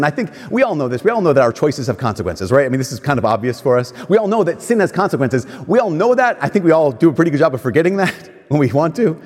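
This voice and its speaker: Husky guy preaching a sermon, voice swings up and down a lot, big echoey church hall. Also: a little high. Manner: expressive, reads scripture aloud with dramatic pauses. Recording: reverberant hall.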